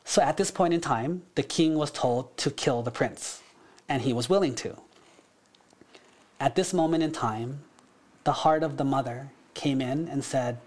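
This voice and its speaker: A man's voice: medium pitch, measured pace. Man telling a story casually. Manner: relaxed, conversational, frequent "like". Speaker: monk teaching a class.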